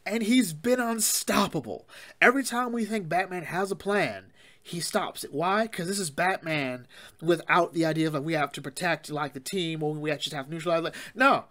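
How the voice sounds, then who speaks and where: A man hosts a casual comic book talk, his voice sitting a touch high for a man. He rambles through the recap with fillers and laughs, jumping into quick acted-out lines for the characters. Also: fairly bright tone. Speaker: comic book podcast host.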